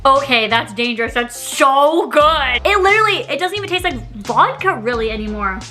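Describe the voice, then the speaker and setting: A young woman chatting to camera in a casual vlog, giggly and dramatic with quick reactions, at home in her kitchen. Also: high-pitched, animated, bright, forceful tone, soft background music. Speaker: vlogger.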